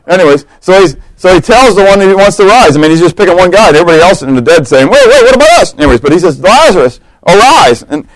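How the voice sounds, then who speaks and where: A man's voice: sits high, very fast, few pauses, low-quality recording. A man preaching a sermon, telling stories with humor and acting out the voices of the people in them. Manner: animated storytelling, acting out quotes, humorous asides.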